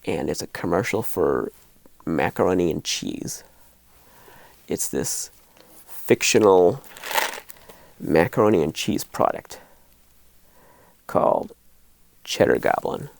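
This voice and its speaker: A middle-aged man hosting a horror video, talking casually to camera in a rambling, animated way with lots of restarts. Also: sits low, slow, vocal fry, pauses often, no room sound.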